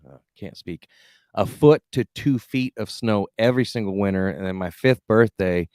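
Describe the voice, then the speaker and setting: A man's voice: on the low side, normal speed, a little mellow, no echo, studio quality. A man hosting a podcast, joking and teasing his guests in casual chat. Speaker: podcast host.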